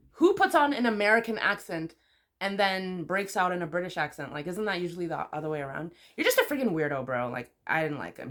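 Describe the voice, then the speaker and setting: Female vlogger, lowish voice, casual and opinionated, expressive bursts. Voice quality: expressive with sudden high exclamations. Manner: chatty and opinionated, lots of "like" fillers. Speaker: YouTuber. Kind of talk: casual chat, rating TV couples.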